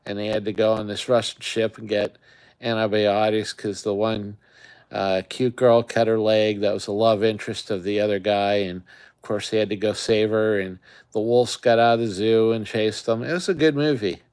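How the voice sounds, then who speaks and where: A man's voice: fairly low pitch, little pitch movement, normal speed, a little mellow, clean tone. A man hosting a casual live chat, rambling and talking straight to his viewers. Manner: rambling, chatty, talks to viewers. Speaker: livestream host.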